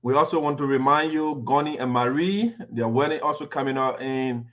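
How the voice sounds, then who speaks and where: A man's voice: medium pitch, normal speed. A man hosting a live online talk show, speaking in a chatty, informal way with many fillers. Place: home studio, USA. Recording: muffled lo-fi stream audio.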